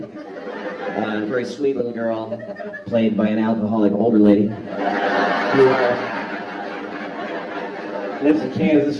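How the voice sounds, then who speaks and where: A man doing a blunt, profane stand-up comedy routine on a theater stage, acting out voices for a live audience. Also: mid-range voice. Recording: echoey hall, distant mic, audience laughter.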